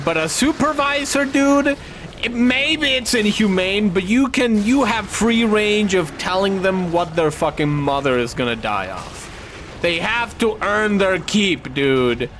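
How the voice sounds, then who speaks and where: A man's voice: high-pitched, fairly bright tone, slight background noise. A male streamer chatting casually while he plays, rambling and swearing through his stories. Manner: rambling, profane storytelling. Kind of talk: casual chat while gaming.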